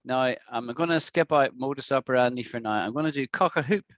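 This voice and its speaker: A man teaching an online English lesson, patiently repeating words slowly for his students to practice. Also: medium pitch, fairly bright tone, no room sound, muffled recording. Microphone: video call.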